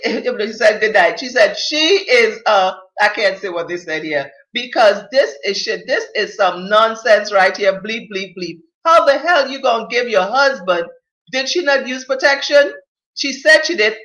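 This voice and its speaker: Female talk host, blunt and emphatic, bright tone, echoey room. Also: mid-range voice. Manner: outspoken, emphatic, blunt, with slang. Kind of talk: live-stream advice talk, reading viewer comments.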